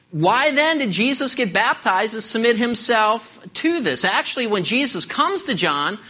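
Bright-voiced man preaching. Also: high-pitched. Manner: storytelling, then emphatic preaching. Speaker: pastor. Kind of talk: sermon.

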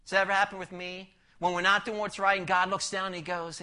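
A man delivers a sermon in a bright, cutting voice. He explains the text verse by verse and keeps asking his listeners questions. His volume swings from forceful emphasis down to a hushed near-whisper. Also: high-pitched, level tone, fast, hardly any pauses. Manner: asks the listeners rhetorical questions. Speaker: preacher. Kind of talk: expository sermon.

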